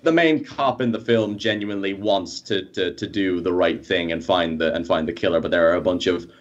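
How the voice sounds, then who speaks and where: A man's voice: deep voice, fairly quick, muffled recording. An Irish man chatting as a podcast guest, earnestly going on at length about a film, heard over a remote call. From Ireland. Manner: earnest, long-winded film opinions. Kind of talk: casual chat.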